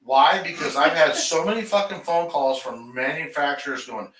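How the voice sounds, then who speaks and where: A man's voice: a little high, expressive, normal speed, sharp tone, far from the mic. Man ranting profanely in a garage. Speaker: motorcycle shop owner. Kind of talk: casual podcast chat. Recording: roomy garage, off-mic.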